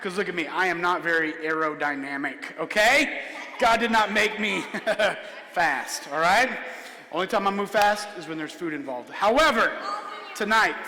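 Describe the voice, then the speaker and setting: A man's voice: high voice, bright, forceful tone. A man performing a comedic magic show in a church hall, playfully joking with and coaxing a child volunteer. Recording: echoey hall.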